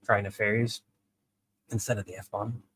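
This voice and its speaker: A man hosting a live stream, chatting casually in a relaxed, rambling way with many fillers. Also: on the low side, normal speed, breathy edge, no echo.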